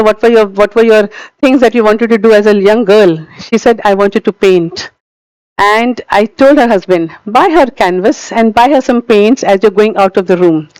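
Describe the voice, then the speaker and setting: A middle-aged woman with an Indian English accent gives a storytelling conference talk. She often repeats words for emphasis. Her voice is smooth and resonant and sits mid-pitch, and the sound is dry and close. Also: a little mellow, dry recording, poor audio. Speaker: conference speaker. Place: conference hall.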